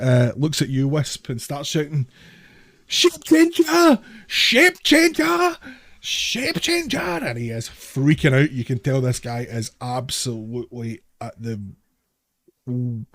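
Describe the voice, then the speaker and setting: A man's voice: medium pitch, fairly even intonation, slow, darkish tone, no echo. A man running a tabletop game as dungeon master, narrating with frequent restarts and repeated words.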